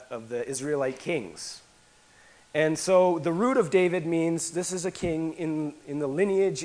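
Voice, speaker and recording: Preaching man, swinging hushed to emphatic. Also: on the high side, low-quality recording. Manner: repeats phrases, frequent restarts. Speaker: pastor. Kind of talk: sermon.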